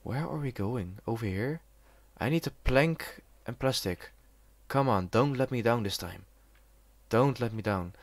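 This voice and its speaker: A man playing a survival game and commenting as he goes, swearing and shouting at it when things go wrong. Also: mid-range voice, no echo. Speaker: gaming YouTuber. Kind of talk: let's play commentary.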